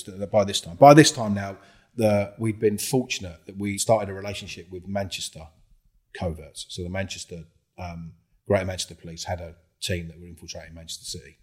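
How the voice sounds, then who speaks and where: Husky, swearing man telling stories. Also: lowish voice, normal speed. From England. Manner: swears a lot, acts out other people's lines with lively quoted voices. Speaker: former undercover police officer, guest. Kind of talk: casual storytelling interview.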